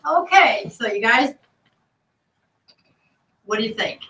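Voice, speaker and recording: A woman's voice: on the high side, expressive, takes it slowly, bright, forceful tone. A woman facilitating a training session, asking the group questions and prompting answers. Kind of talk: leading a group discussion. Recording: echoey room from far off, faint noise.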